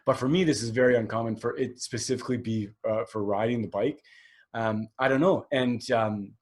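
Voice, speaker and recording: With a mid-range voice and fairly quick delivery, a man in his forties hosts his own podcast alone. His talk is candid and meandering, with many fillers and restarts.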